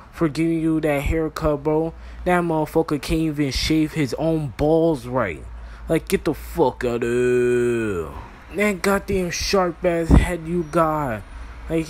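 A man's voice: on the high side, a little hiss or hum. A young man doing a brash, exasperated comedy roast over a phone mic, swearing constantly and calling everyone "bro". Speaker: roast video creator. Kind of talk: profane comedic roast commentary.

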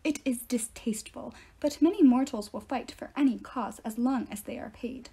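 A woman voicing a stern young huntress who speaks in formal, old-fashioned phrasing, hushed and bitter. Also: fairly high pitch, moderate pace, vocal fry, breathy edge, exaggerated voice. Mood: grim.

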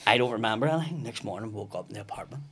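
A comedian guest on a podcast tells a long, casual story, swearing freely and acting out the voices of the other people in it. His lowish voice is fairly bright, with lively intonation, delivered very fast into a studio podcast mic.

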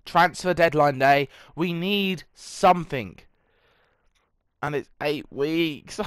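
Casually commentating his football management gameplay, a young creator jokes at his own expense and does mock match calls. He speaks with a fairly high voice, and the recording has no echo.

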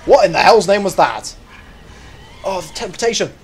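Young male YouTuber, lively gameplay commentary, frequent panicked yelps, slightly high voice. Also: fairly quick, a little hiss or hum. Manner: excitable, yelps and shouts at the game. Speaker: gaming YouTuber.

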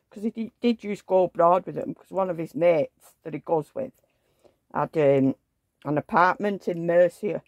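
A woman's voice: lowish voice, moderate pace, darkish tone, no echo. A woman vlogger in casual chat at home, rambling along and cooing at the dolls she dresses. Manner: rambling, chatty, coos at dolls.

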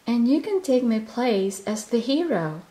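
A woman's voice: fairly high pitch, very animated, a little slow, warm tone, pitched above the performer's own voice. A woman voicing a shy, small creature in a storybook reading, speaking modestly. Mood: relieved. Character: shy small male creature, happy to stay quiet.

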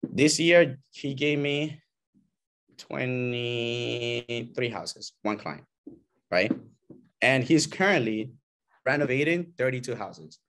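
A man at a mid-range pitch teaches a small group of agents how he wins listings. He talks loosely and animatedly, slipping into little acted-out exchanges with clients. He keeps tagging his points with "right?" and "you know?". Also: expressive, slow, pauses often, fairly bright tone. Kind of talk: casual coaching talk to a small group.

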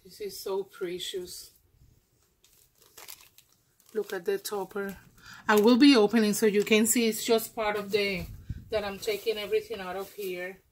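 A woman who is not an English speaker, gushing and exclaiming as she unboxes a gift swap, with many pauses and fillers. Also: medium pitch, fairly even intonation, slight background noise. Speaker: crafting vlogger.

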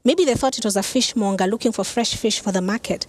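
A woman pastor preaching a sermon who tells the story in a lively, conversational way with casual asides. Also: mid-range voice, fast. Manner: animated storytelling, acts out quoted lines.

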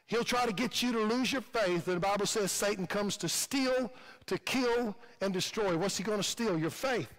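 A man's voice: sits high, normal speed, fairly bright tone. A male pastor with a Midwestern American accent preaching a sermon in a fervent, repetitive cadence, recorded in a church sanctuary. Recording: long hall reverb.

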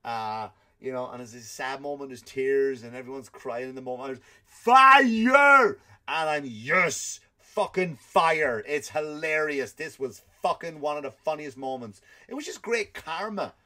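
A man with an Irish accent, a comedian hosting a podcast, telling stories in an animated, swear-filled rant. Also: medium pitch, normal speed, hardly any pauses. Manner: animated storytelling with frequent swearing. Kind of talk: ranting comedic monologue.

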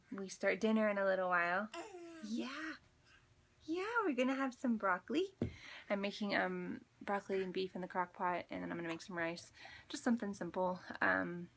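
A woman's voice: medium pitch, fairly bright tone, a little hiss or hum. A young woman chatting casually in a home vlog as a mother, rambling along with plenty of ums. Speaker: mother vlogging about her baby.

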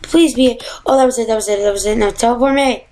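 Woman playing a game at home, kinda high voice, gets frustrated and yelpy, bit of background hiss. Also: quick pace, rough recording. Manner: exasperated, excitable, yelps and gasps. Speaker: gamer. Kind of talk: casual gameplay commentary.

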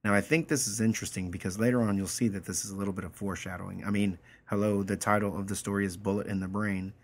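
Casual low-voiced male teacher explaining a story. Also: fairly even intonation, fast. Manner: casual, explanatory, checks in with "right?" and "okay?". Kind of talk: reading a story aloud and explaining it line by line.

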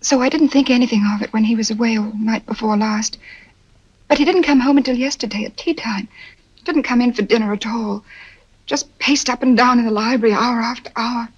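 Brief: scared young gentlewoman, fairly high voice, muffled vintage film sound. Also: brisk, husky. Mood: frightened. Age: young adult. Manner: anxious, pleading, breathless telling. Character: frightened young woman, a baronet's daughter. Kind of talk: 1940s film acting. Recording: dull old film soundtrack.

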